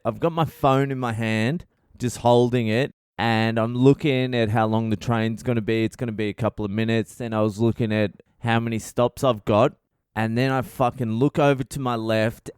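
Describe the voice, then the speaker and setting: A man hosting his own comedy podcast, telling a story in a blunt, animated monologue full of swearing. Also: medium pitch, smooth, no room sound, clean studio sound.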